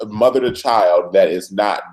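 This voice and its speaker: A man co-hosting a TV recap chat, telling the plot in a lively way and acting out the characters' lines. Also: fairly low pitch, a little slow, a little hiss or hum. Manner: lively storyteller who puts on voices for characters. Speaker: recap show co-host. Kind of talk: animated casual chat, acting out scenes.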